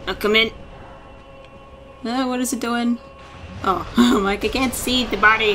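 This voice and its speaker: A woman hosting a let's play, excitable and swearing, often laughing as she plays. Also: a little high, moderate pace, long pauses, background noise. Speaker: gaming let's-play host. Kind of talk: casual game commentary.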